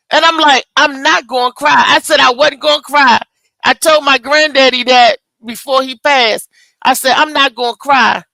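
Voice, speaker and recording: A woman in her thirties who tells stories in an animated way as a talk show host. Her voice is high, bright and gravelly, with plenty of fry. She sits close in a dry, dead room. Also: moderate pace, no room sound, low-quality recording. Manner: animated storyteller, acts out quoted voices loudly. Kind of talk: casual chat.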